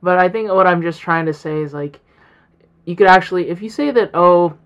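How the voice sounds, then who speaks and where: Hosting her own casual solo podcast, a young college woman talks in a rambling, reflective way, full of fillers and restarts. She speaks briskly in a voice on the low side. The recording sounds lo-fi.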